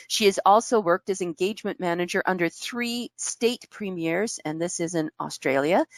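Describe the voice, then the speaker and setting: A woman's voice: fairly low pitch, dry recording. Upbeat woman hosting a webinar. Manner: reads a guest bio, upbeat and welcoming. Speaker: webinar host. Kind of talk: webinar introduction.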